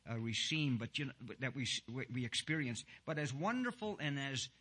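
A man preaching a sermon and leading prayer, halting and earnest, with many "uh" fillers and slow emphasis on key words. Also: mid-range voice, very animated, pushed and bright. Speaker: pastor.

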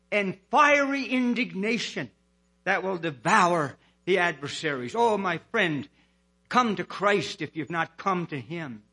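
A man preaching a fervent sermon, hollering with passion and slowing down to stress key words. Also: high-pitched, bright, forceful tone, husky.

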